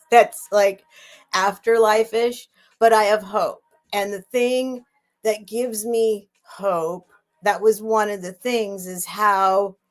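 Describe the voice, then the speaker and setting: A middle-aged woman hosting a live sale stream, chatting casually, rambling with restarts and answering viewers' comments. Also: mid-range voice. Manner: rambling, restarts and trails off, reads and answers chat. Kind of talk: casual chat on a livestream.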